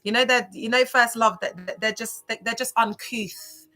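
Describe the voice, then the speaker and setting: A woman chatting casually on a livestream, animated and chatty, reacting to viewer comments. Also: a little high, moderate pace, faint music behind.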